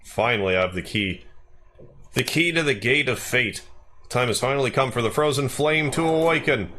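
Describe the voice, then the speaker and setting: A man reading the lines of a menacing male villain aloud, drawing the words out slowly. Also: mid-range voice, pushed and bright, a little hiss or hum, lightly acted. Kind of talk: reading game dialogue aloud.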